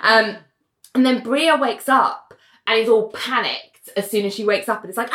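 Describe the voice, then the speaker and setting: A woman's voice: a little high, normal speed, roomy sound. A woman in casual chat on a podcast, animatedly recapping a show and acting out its lines. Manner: chatty, animated, acts out the lines with voices.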